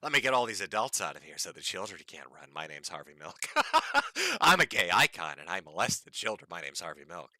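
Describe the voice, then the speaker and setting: A man voicing a smarmy soft-spoken older man in a quiet, oily, mocking way. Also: sits low, wildly swooping pitch, a little fast, no room sound, voice pushed down, full character voice.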